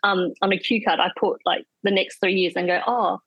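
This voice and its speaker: Woman guest, Australian accent, mid pitch, dry recording, easygoing rambling chat. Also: fairly even intonation, a little fast, gravelly, fairly bright tone, husky, dry recording, muffled recording. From South Australia. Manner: rambling, restarts thoughts, laughs easily. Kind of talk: casual chat.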